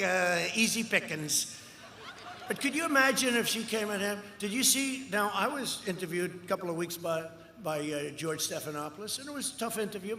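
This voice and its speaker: A man's voice: high voice, sharp tone. A man in his seventies giving a campaign rally speech, rambling and repeating himself, boasting and riffing with the crowd. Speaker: political speaker. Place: large outdoor rally. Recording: echoey rally sound, cheering crowd. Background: crowd noise.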